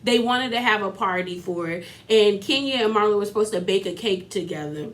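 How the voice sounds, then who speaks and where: A woman's voice: medium pitch, a little fast. Chatty woman recapping reality TV. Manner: chatty, filler-heavy, laughs often. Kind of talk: casual recap commentary.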